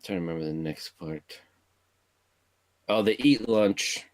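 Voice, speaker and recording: A man co-hosting a casual movie podcast, recapping the plot in a laid-back, halting way with lots of uh and restarts. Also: on the low side. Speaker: podcast co-host.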